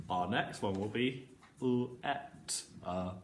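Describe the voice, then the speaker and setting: A man leads a children's phonics lesson, stretching out each sound slowly and praising the class. His pitch swings widely as he speaks. The room is echoey, with a faint hum of ambience behind him. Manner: slow, sounding out words letter by letter; encouraging, animated teacher voice. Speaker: primary school teacher.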